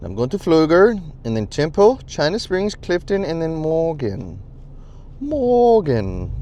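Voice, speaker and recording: A man's voice: fairly high pitch, sing-song, takes it slowly, dark tone. A man hosting a solo podcast while driving, rambling casually with jokes and swearing. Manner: joking, profane, goes off on tangents. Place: inside a moving car. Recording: constant car road noise.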